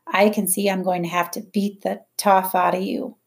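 Give me a harsh, scornful mother as a woman narrator puts her on, slow and heavy. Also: mid-range voice, level tone, creaky, close to an everyday voice. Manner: heavy, cold, slow threats. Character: harsh bitter cockney mother, cruel.

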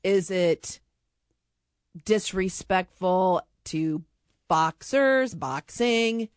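A woman co-hosting a sports radio show, chatting casually and explaining her points in a measured way at a studio mic. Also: mid-range voice, expressive, dry recording. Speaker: radio co-host. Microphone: studio microphone.

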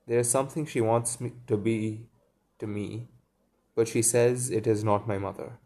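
Puzzled carefree boy, storybook reading, man reading him, mellow dark tone. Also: mid-range voice, steady tone, moderate pace, natural voice. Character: carefree boy who won't grow up, blunt and puzzled.

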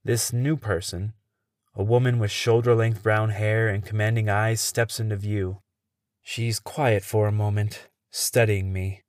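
A man who hosts a podcast, telling a tense first-person story in a measured way. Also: on the low side, little pitch movement, dry recording, clean studio sound.

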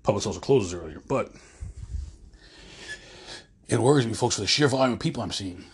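A man's voice: on the low side, lively intonation, a little fast, breathy edge. A man in his forties hosting a podcast, talking in a casual, rambling monologue while pacing, often breaking off mid-phrase. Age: 40s. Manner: chatty, rambling, self-interrupting, addresses listeners as folks. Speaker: podcast host.

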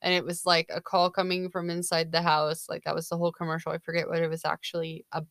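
A woman's voice: lowish voice, level tone, fast, creaky, a bit bright, no echo. A young woman co-hosting a casual chat, rambling with lots of fillers. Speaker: podcast co-host.

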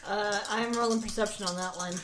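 A woman's voice: mid-range voice, steady tone, brisk, a bit bright, slight background noise. A woman playing a tabletop game, making dry, sarcastic quips. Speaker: player. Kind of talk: tabletop role-play chat. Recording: echoey room.

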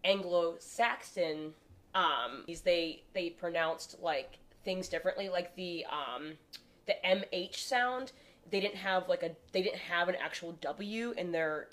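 A woman's voice: lowish voice, slow pace, fairly bright tone. Chatty young woman podcast host. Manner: chatty, laughs often, many "like" fillers. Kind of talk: casual chat.

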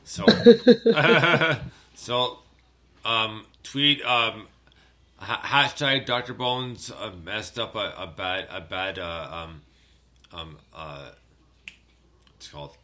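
A man's voice: lowish voice, sing-song, drawn-out words, pauses often, sharp tone. A man hosting a casual radio music show, rambling and laughing easily between tracks. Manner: laid-back, rambling, laughs often. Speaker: radio host.

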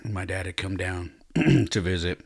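A man's voice: low voice, a little slow, vocal fry, breathy edge. A man hosting a podcast, telling a personal story in a reflective, earnest way, often stopping and restarting his sentences. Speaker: podcast host.

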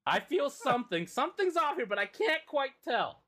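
A man's voice: very high-pitched, big pitch swings, moderate pace, pushed and bright, pitched above the performer's own voice, full character voice. A man voicing a cranky ancient male robot lord, quoted in a casual comic recap. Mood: suspicious. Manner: grumbling, petty.

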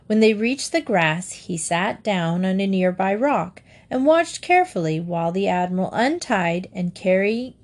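A woman narrating a children's storybook aloud in a steady, even-paced reading. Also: mid-range voice.

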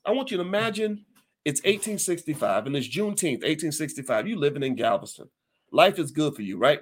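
A man hosting his own podcast, talking to listeners in a folksy, emphatic, animated way and often restarting his sentences. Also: on the high side. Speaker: podcast host. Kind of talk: casual commentary to listeners.

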